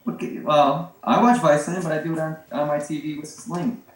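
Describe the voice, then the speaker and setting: A man's voice: on the high side, fairly even intonation, a little fast, echoey room. A man hosting a casual podcast over a video call, teasing his guests and swearing casually. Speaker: podcast host. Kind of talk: casual chat.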